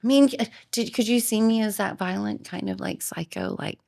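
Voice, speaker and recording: A woman hosting a podcast, chatting casually and telling animated stories with frequent laughter. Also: mid-range voice, normal speed, vocal fry. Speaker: podcast host. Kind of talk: casual chat.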